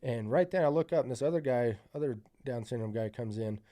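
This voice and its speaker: A man's voice: mid-range voice, brisk, mellow. A man on a podcast telling a long story in a rambling, profane way, full of fillers. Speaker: podcast guest. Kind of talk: casual storytelling.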